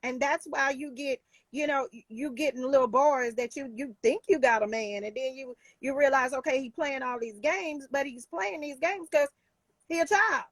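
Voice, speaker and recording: A woman's voice: high voice, normal speed, no echo. A woman life coach talking in a casual talk show, emphatic and heartfelt, with many restarts.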